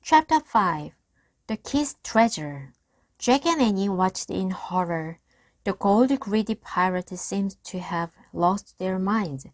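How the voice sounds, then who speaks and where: Slow expressive woman reading a storybook. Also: mid-range voice, dry recording. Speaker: reader. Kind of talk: reading a children's chapter book aloud.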